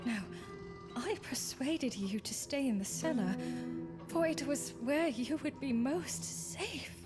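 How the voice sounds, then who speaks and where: A quietly menacing, possessive old friend, acted by a woman in a visual novel, speaking formal, old-fashioned lines at an unhurried pace. Her words keep dropping into hushed, unvoiced whispers. A game soundtrack plays clearly behind her. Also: high-pitched, lively intonation. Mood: pleading. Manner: formal, archaic phrasing, slipping into whispers. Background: game soundtrack music.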